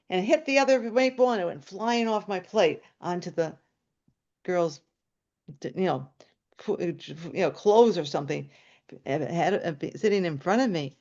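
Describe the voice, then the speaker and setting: A woman telling a personal story on stage in an animated way, jumping into high excited voices when quoting. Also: fairly quick, dull audio.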